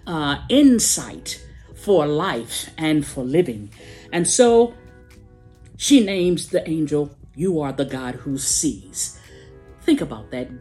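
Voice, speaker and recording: A woman preaching a sermon, slow and emphatic, with dramatic pauses and a sing-song rise and fall. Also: fairly low pitch, a little mellow.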